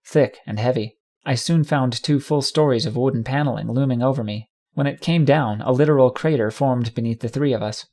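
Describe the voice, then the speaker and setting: Man, audiobook narrator, dramatic steady telling, mid pitch. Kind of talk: first-person fanfiction audiobook reading.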